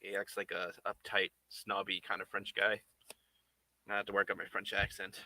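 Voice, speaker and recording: Bright, playful man chatting while he works. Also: low-pitched, monotone, moderate pace. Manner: rambling and playful, chuckling often. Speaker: puppet maker streaming live. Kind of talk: casual chat while working.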